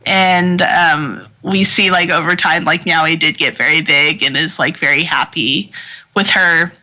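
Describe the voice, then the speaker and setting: Bright-voiced woman, rambling podcast recap. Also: low voice, fairly even intonation, a little slow, low-quality recording. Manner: rambling, lots of fillers and laughs. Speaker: podcast co-host. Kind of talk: casual chat, recapping a manga.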